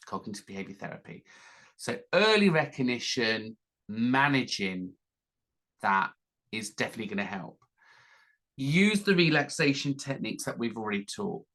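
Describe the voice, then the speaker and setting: A man teaches about managing emotions in a relaxed, conversational way, at a mid pitch. He runs through lists of tips and slips into his own inner voice to give examples. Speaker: mental health educator. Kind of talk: informal teaching talk.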